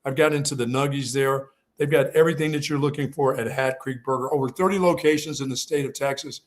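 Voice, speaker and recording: A man's voice: medium pitch, fast talker. A man from Pennsylvania, hosting a sports talk show, telling a story in casual chat and laughing often. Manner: animated storyteller, laughs a lot.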